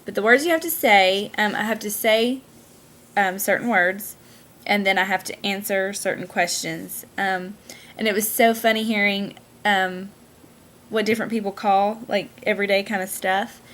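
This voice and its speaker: A young woman with a Southern US accent, chatting in a casual vlog and reading out a word list, pausing often with "um". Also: medium pitch, fairly bright tone. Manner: hesitant, full of "um" fillers. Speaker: vlogger.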